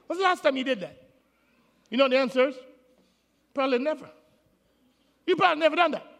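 Guy preaching a sermon in a big auditorium, really high voice, echoey hall. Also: brisk, vocal fry, pauses often. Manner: animated preaching, calls to the congregation. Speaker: pastor. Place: large auditorium with congregation. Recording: long hall reverb.

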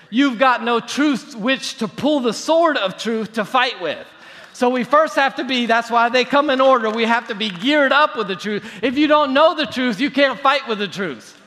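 High, bright-voiced preacher in a reverberant hall. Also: male voice. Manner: animated, mocking impressions of prayer habits. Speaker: pastor. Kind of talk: sermon.

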